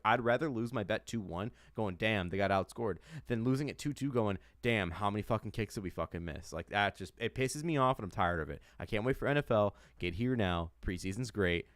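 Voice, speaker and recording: A man's voice: fairly low pitch, dry recording, clean studio sound. A man from the United States, a podcast co-host, ranting about sports with heavy swearing and lots of repetition. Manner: heated, swears a lot, repeats himself. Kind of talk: profane sports rant.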